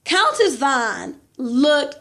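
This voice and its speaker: A woman's voice: high voice, sing-song, extremely slow, fairly bright tone. A young woman casually recapping a reality show episode, opinionated and chatty, peppered with "you know" and slang. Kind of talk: casual gossipy episode review.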